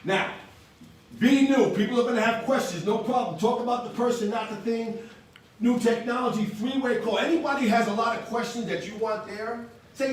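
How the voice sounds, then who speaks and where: A man leading an energetic sales training for a live audience in a meeting room, acting out phone calls to show how it is done. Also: extremely high pitch, moderate pace. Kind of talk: motivational training talk. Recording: echoey room from far off.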